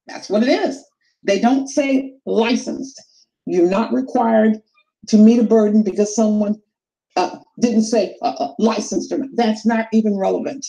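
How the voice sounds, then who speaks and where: A woman co-hosting a live call-in show, speaking firmly and emphatically, in a measured way. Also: mid-range voice, vocal fry, mellow, low-quality recording.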